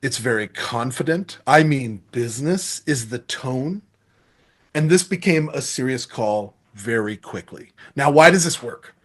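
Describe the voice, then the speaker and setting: A middle-aged man giving a sales masterclass, energetic and acting out sample phone calls as he teaches. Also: medium pitch, unhurried, breathy edge. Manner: energetic, acts out calls and quotes. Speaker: sales trainer. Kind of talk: masterclass talk.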